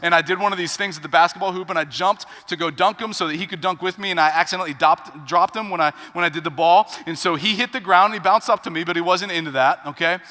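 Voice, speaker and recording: Lively storytelling pastor in a church hall. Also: male voice, sits high, fast, few pauses. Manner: storytelling with wide swings between hushed and loud. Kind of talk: sermon. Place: church sanctuary.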